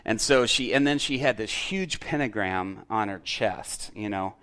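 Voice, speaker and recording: A middle-aged man preaching, his voice sitting a little low. He tells a story in sermon style, acts out the dialogue, and rises loud and animated at the big moments. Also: measured pace. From Chicago area. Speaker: pastor.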